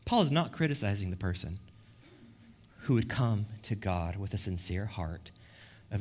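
Lively, emphatic male pastor preaching. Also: on the low side, moderate pace, husky. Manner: lively, jumps from quiet reflection to loud emphatic bursts; casual slangy preaching. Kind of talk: sermon.

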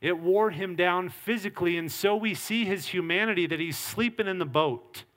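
A man's voice: high-pitched, moderate pace, fairly bright tone. A middle-aged male pastor preaching a sermon, earnest and emphatic. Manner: earnest preaching with acted quotes and varied emphasis.

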